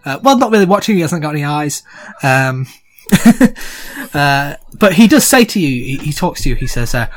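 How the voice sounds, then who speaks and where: A man's voice: on the high side, very animated, moderate pace, soft background music. A man narrating a tabletop game as game master, rambling with many fillers.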